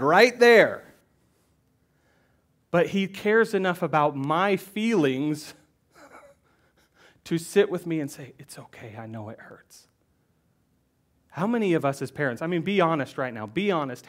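A middle-aged pastor preaching in church, who speaks with feeling and moves between loud, stressed lines and hushed, almost whispered words. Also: male voice, on the high side. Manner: emotional, swings from loud emphasis to hushed near-whispers. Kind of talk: sermon.

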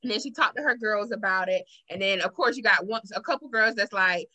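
A woman hosting a casual podcast chat, telling a story with animated acted-out quotes. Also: medium pitch, fairly quick, hardly any pauses. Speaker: podcast host.

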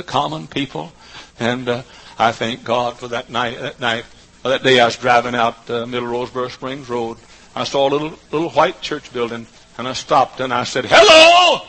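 A man preaching a sermon, going from quiet storytelling to high shouted peaks. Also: poor audio. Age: older. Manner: fiery, swings from soft talk to high shouts. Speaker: pastor.

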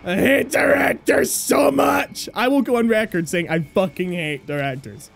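A young woman giving loud, excitable gameplay commentary, swearing and laughing often. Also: on the high side, normal speed, creaky. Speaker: gameplay streamer.

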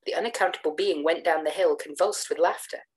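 A woman reading a gothic tale in measured, expressive first-person narration. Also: on the low side, low-quality recording. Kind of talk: literary narration read aloud.

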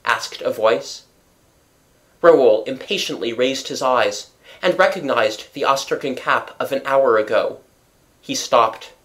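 An audiobook narrator reading a classic novel in an expressive, varied way. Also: mid-range voice, measured pace.

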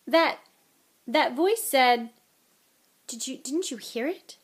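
A woman's voice: high-pitched, expressive, takes it slowly, husky, pitched above the performer's own voice, full character voice. A young boy wizard from a storybook reading, as a woman voices him. He sounds tired and hollow, with an anxious edge. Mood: uneasy.

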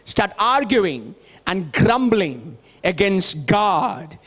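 A male pastor delivers a sermon with a strikingly high-pitched voice. He preaches emphatically and throws rhetorical questions out to his listeners. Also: sing-song, very slow, fairly bright tone, slightly rough.

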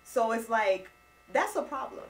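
Lively woman from Trinidad co-hosting. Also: fairly high pitch, poor audio. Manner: animated, laughs easily, quick to correct. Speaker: co-host. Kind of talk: casual chat show banter.

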